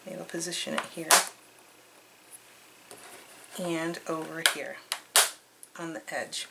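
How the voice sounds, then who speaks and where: A woman's voice: sits low, steady tone, normal speed, creaky, heavy background noise. A woman hosting a craft tutorial, chatting cheerfully and thinking aloud as she works. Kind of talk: casual craft demonstration.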